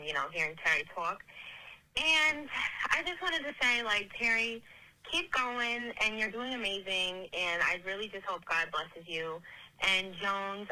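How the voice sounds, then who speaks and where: A woman's voice: medium pitch, bright, forceful tone. A young woman leaving an earnest, chatty voicemail message for a podcast. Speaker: voicemail caller. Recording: tinny phone line.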